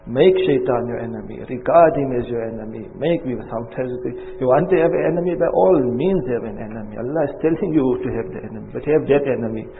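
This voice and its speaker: A man delivers a sermon in a gravelly, creaky voice. He races through recited verses and drives points home by repeating them. The sound is thin and phone-like, ringing with long reverb. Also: medium pitch. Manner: repeats phrases for emphasis, recites verses quickly. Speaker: preacher.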